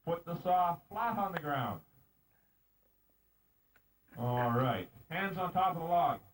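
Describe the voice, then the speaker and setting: A man's voice: on the high side, expressive, slow pace. A man emceeing an outdoor lumberjack show, joking with and teasing the contestants as he calls out the races. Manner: joking, teasing announcer calling out race commands. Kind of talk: live show emceeing with banter. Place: outdoor show arena on a mountain. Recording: distant outdoor home-video sound.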